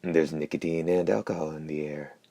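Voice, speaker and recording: A man voicing a hoarse, wryly probing talking hand in an audiobook, in a dry, mocking manner. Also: rumbling low, level tone, fairly quick, dark tone. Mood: knowing. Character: hoarse wry talking left hand, male. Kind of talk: audiobook character voice.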